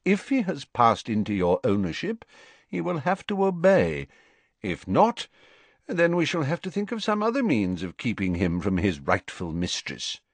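A man's voice: medium pitch, very animated, dry recording, pitched above the performer's own voice. Man doing a shrewd, courteous old wizard. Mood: measured. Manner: measured, courteous, cheerful. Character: calm, shrewd old male headmaster wizard. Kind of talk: audiobook character voice.

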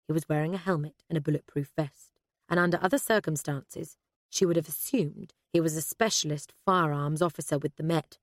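Woman, audiobook narrator, steady, measured, low voice, dry sound. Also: no room sound.

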